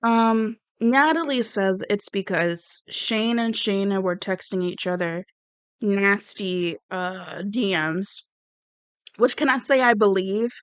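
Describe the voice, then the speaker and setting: A woman's voice: mid-range voice, slow, fairly bright tone, smooth, no echo. A woman giving blunt, rambling, sassy commentary on a reality show. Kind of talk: casual reaction commentary.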